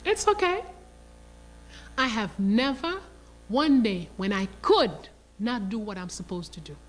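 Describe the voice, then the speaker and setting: An older woman lecturing in an animated, emphatic storytelling style. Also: fairly high pitch, a little slow. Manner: animated, emphatic, acts out quoted dialogue.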